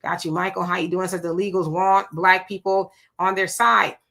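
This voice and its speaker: A woman's voice: lowish voice, steady tone, normal speed, vocal fry, fairly bright tone. A woman hosting a live stream, greeting viewers by name and reacting to their comments in a casual, conversational way. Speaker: livestream host reading viewer comments.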